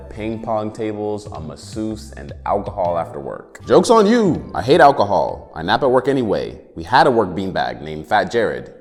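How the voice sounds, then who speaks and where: A man's voice: fairly low pitch, darkish tone, long reverb tail. A man in his twenties doing a sarcastic, slangy comedic rant as the show's host. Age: 20s.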